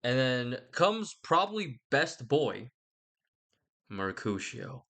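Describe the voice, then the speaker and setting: A man's voice: mid-range voice, very animated, moderate pace, pushed and bright. A young man giving a rambling, casual retelling of a story, irreverent and slangy, swearing and interrupting himself. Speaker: channel host.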